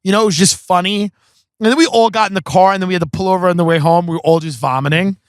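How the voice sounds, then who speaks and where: Speaking rapid-fire in a voice that sits high, this Long Island man hosts a podcast built on comedic storytelling. His tales ramble, swear freely and lean heavily on filler words, and the recording is dry.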